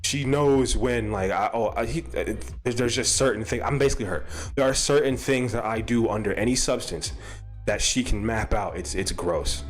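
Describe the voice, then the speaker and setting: A man's voice: normal speed, soft background music. Swearing young man telling a wild story. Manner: swearing, laughing, jumps to high-pitched quoted outbursts. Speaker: streamer. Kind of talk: casual storytelling to a live chat.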